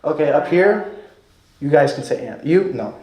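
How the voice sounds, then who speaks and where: A man's voice: fairly high pitch, expressive, normal speed, a little mellow, echoey room. A man with a Kansas accent doing stand-up at an open mic, rambling and self-deprecating with lots of fillers. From Kansas, United States. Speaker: stand-up comic.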